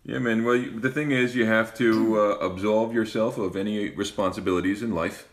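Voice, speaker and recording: A man's voice: fairly low pitch, steady tone, fairly quick. A man talking as a guest on a casual game livestream, laid-back and joking, with slangy phrasing. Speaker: guest gamer.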